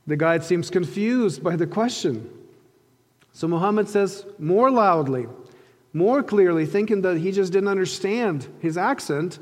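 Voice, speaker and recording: A man preaching a sermon, telling a story earnestly and slowing down to stress key phrases. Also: fairly high pitch, in a large hall. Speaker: pastor.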